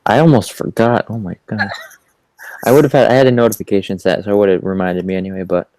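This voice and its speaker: A man's voice: fairly low pitch, fairly even intonation, fast talker, darkish tone, no echo, rough recording. A man in casual chat, easygoing and agreeable, often murmuring along. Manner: easygoing, agreeable, frequent backchannels.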